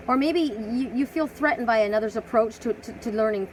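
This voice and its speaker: A woman's voice: a little high, a little fast, background noise. A woman giving a live spiritual oracle card reading on a phone, rambling, repeating words and asking many rhetorical questions.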